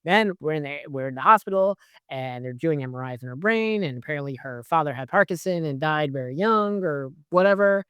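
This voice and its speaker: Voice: mid-range voice, lively intonation, fairly quick, fairly bright tone, clear, resonant tone, no room sound. A movie reviewer giving a casual spoiler review, rambling and swearing, full of "like" and "whatever" asides. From based in New York.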